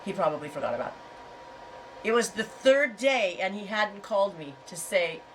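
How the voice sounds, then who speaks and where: A woman's voice: medium pitch, big pitch swings, moderate pace, fairly bright tone, recorded from a distance, slight background noise, poor audio. A middle-aged woman hosting a casual livestream chat, talking in a frank, rambling way and telling stories with animation. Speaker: host.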